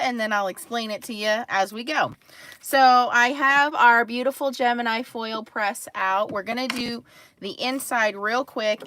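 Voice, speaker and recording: Hosting a card-making livestream, a woman chats casually, calling out viewers by name and laughing frequently in a fairly high, bright, forceful voice. There is slight background noise.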